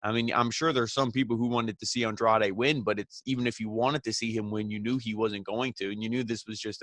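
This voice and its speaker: A man's voice: fairly low pitch, steady tone, quick pace, hardly any pauses, a bit bright, dry recording. A man reviewing a wrestling show in a casual, rambling recap, full of filler phrases and casual swearing.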